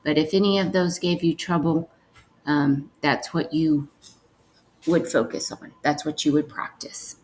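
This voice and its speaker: A young woman teaching a recorded phonics lesson, dictating sentences slowly and sounding out words with care. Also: sits low, steady tone, a little mellow, slight background noise, rough recording. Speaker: reading teacher.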